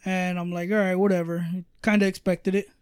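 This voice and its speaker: A man's voice: high-pitched, little pitch movement, a little fast, smooth, no echo, clean studio sound. A man telling a travel story in casual podcast chat, rambling with lots of fillers and swearing. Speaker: storyteller guest.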